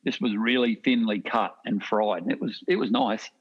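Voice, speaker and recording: Middle-aged Australian man, low register, dull lo-fi audio, anecdotal. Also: moderate pace. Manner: rambling anecdotal, laughs often. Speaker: podcast guest, hunter. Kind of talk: casual storytelling chat.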